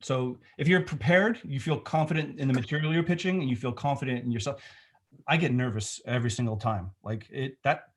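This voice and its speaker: A man's voice: mid-range voice, a little fast. A middle-aged man, a film director, talking in a casual remote interview, thoughtful and rambling with many restarts.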